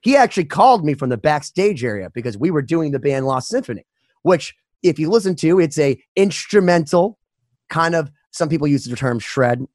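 A middle-aged man co-hosting a podcast, an animated storyteller who swears freely and acts out voices. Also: fairly high pitch, brisk, no echo, studio quality. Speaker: podcast co-host, musician. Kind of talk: casual chat.

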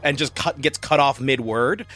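A man narrating a tabletop game as game master, animated and breaking into quick voices for side characters. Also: medium pitch.

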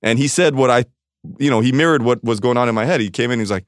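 A man's voice: mid-range voice, fast talker, dry recording, studio quality. A man speaking candidly as a podcast guest, searching for words and swearing freely. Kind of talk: candid conversation.

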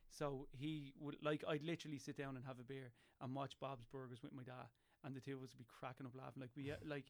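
A young Irish man in casual chat, telling emotional stories with lively energy and frequent laughter. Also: mid-range voice, quick pace, vocal fry.

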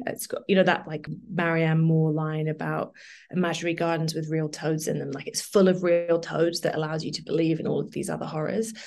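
A woman's voice: on the low side, darkish tone. A woman author chats on a podcast as a guest. She rambles through long sentences, leaning on "like" and tossing in the occasional swear word. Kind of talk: casual podcast conversation.

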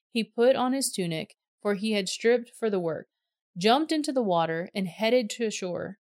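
Woman reader, measured scripted narration, dry close recording, mid pitch. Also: a little mellow, dry recording.

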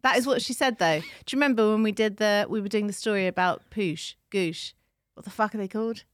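A woman's voice: mid-range voice, a little fast, no echo. A woman from London co-hosting a podcast in casual, laughing chat, swearing freely. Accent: London English. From England. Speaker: podcast co-host.

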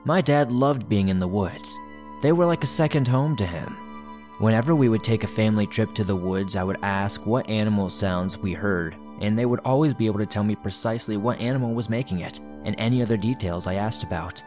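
Low-voiced man narrating horror stories. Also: a little fast, a little mellow, faint music behind.

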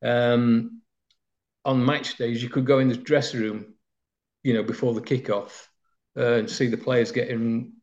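This Nottinghamshire man's voice is mid-range and slightly mellow, with little variation in pitch and a somewhat slow pace. He reminisces about his footballing past in a wandering interview full of fillers and anecdotes. The recording is lo-fi and a touch dull.

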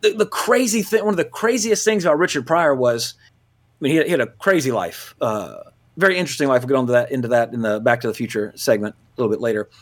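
This podcast host is a man from Louisiana with a medium-pitched voice and a quick pace. He chats loosely and casually about movies, his speech full of fillers and self-corrections.

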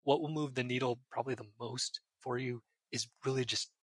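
A psychiatrist guesting on a podcast speaks a little fast in a husky, mid-range male voice with fairly even intonation. He earnestly explains ideas through everyday examples, giving casual advice, and there is no room sound.

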